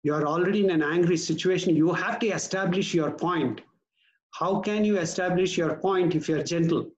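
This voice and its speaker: A man preaching a sermon as pastor, earnest and measured, slowing down to stress key words. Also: fairly high pitch, muffled recording.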